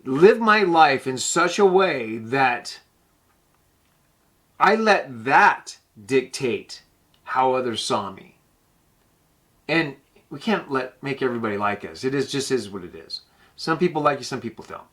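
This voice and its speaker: A man host telling a personal story in a casual, blunt way, swearing freely and slowing down to stress his points. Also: medium pitch, very animated, fairly bright tone. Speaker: podcast host.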